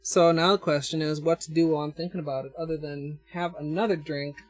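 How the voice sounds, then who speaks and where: A woman's voice: sits low, fairly even intonation, fast talker, no echo. A woman with a Minnesotan accent chatting casually on a livestream, thinking aloud as she demonstrates and answers her chat with frequent chuckles. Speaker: nail art livestreamer.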